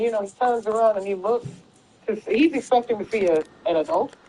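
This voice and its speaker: A woman streamer casually recounts a story while she plays, swearing freely and acting out the lines of each character. Her voice sits in a middle pitch. A faint hiss of noise runs underneath. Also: low-quality recording. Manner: animated retelling with lots of swearing and acted quotes. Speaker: gaming streamer.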